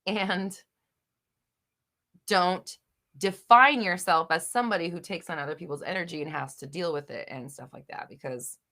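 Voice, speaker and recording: A young woman hosting a live chat, reading viewer questions and answering bluntly, with swearing and bursts of loud exasperation. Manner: blunt, swears, swings between low murmur and loud exasperation.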